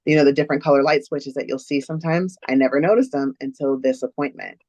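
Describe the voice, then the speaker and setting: A woman's voice: extremely low pitch, fast, darkish tone, dry recording. Woman telling a personal story, dry sound. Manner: earnest, recounting events step by step. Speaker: interview guest.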